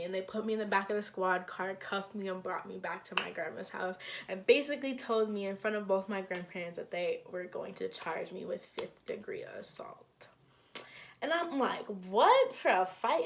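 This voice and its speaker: Young woman, storytime vlog, casual, animated, acts out the quotes, middle pitch. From Minnesota. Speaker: storytime vlogger.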